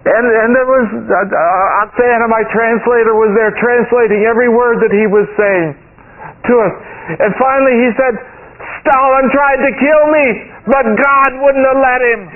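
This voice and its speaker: A man with a very high voice preaches an emphatic sermon and keeps climbing into exclaimed lines. The sound is thin and phone-like, as if heard through an old radio broadcast. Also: normal speed.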